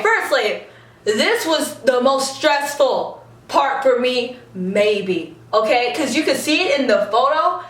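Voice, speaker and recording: A woman's voice: a little high, fairly bright tone, echoey room, far from the mic. Giggly young woman gushing a story. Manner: gushing, giggly, acts out quotes. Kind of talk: excited storytelling vlog.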